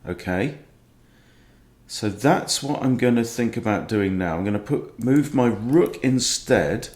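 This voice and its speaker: A middle-aged chess coach's lowish, darkish voice is animated but unhurried as he commentates his own online games live. He is self-mocking and exasperated, sighs as he goes, and the room echoes.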